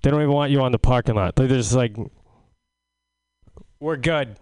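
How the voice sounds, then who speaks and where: A man's voice: medium pitch, rapid-fire, dark tone, a little hiss or hum. A man doing a stand-up comedy set in a casual, rambling way. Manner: casual and rambling, with fillers and restarts. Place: comedy club stage.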